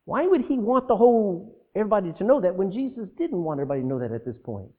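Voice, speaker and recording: A man preaches a sermon with a high voice that swings up and down widely. He throws rhetorical questions to the congregation and breaks into asides. The sound is tinny and narrow, as if heard over a phone line. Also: sing-song, fast talker. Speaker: pastor.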